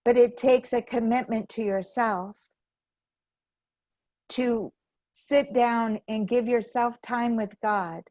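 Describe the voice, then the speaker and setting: A woman's voice: fairly high pitch, fairly even intonation, slow, pauses often, dark tone, dry recording. A woman giving a sermon at a spiritual center in a conversational way, acting out the voices of people she quotes. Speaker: guest speaker at a spiritual center.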